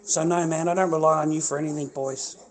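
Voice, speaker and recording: Fast and fairly high-pitched, with a steady tone, an Australian man vents to his livestream audience, profane and fired up, repeating himself constantly.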